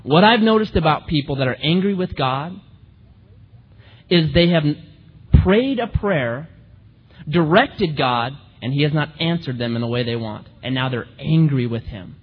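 A man's voice: a little high, moderate pace, husky. Man preaching a sermon in an echoey hall. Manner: animated, acts out quoted voices. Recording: muffled recording in a reverberant hall.

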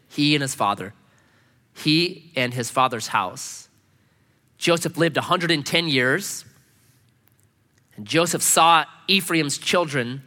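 Animated male preacher in a reverberant hall. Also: mid-range voice. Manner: animated, acts out quoted speech, casual slangy asides. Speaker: pastor. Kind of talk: sermon. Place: church sanctuary. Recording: long reverb of a church hall.

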